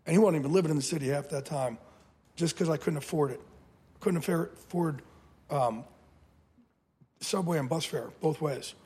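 A man in his fifties whose voice sits a little high for a man and has a husky, slightly rough grain. He talks as a guest in a casual interview and tells his stories bluntly, with swearing and lively emphasis. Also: brisk, pauses often. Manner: blunt, profane, animated storyteller. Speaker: podcast guest.

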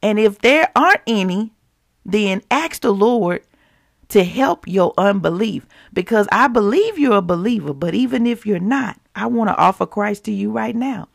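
Woman preaching on a podcast, gravelly voice, dry close sound, chatty and real with listeners. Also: mid-range voice, animated, dry recording. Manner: repeats scripture slowly for emphasis. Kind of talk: devotional podcast teaching.

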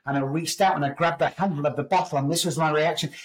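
A man's voice: fairly high pitch, fairly even intonation, quick pace, poor audio. A middle-aged man with an English accent, a podcast guest telling his story in a candid, raw way, swearing freely. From England. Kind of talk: storytelling interview.

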